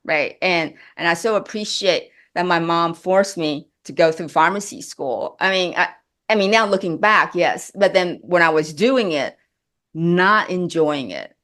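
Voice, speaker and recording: A middle-aged actress speaking as an interview guest, emotional and halting with many restarts. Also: female voice, lowish voice, animated, a bit bright. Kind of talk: interview chat.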